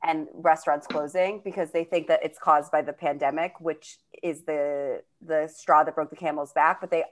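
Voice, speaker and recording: Low-voiced engaged woman host. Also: fairly even intonation, normal speed, few pauses, a little hiss or hum. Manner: engaged, laughs along. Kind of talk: casual interview chat.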